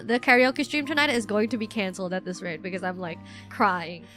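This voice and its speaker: A woman's voice: mid-range voice, brisk, few pauses, a bit bright. A young adult woman chatting on a casual stream, rambling and self-deprecating with lots of fillers. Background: faint music.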